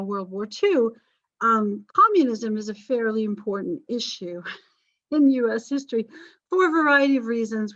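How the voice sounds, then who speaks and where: A woman history teacher in middle age talks through a lecture in a rambling, chatty way, breaking off for self-deprecating asides. Her voice sits at an ordinary pitch, and the recording is dry and slightly dull. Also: fairly bright tone, no room sound.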